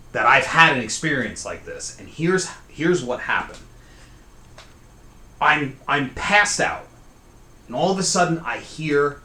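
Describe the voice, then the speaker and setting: A man telling his own scary story in a casual, conversational way, often pausing to ask "okay?". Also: medium pitch, bright, forceful tone, echoey room, slight background noise. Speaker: storyteller host. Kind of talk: casual spoken horror storytelling.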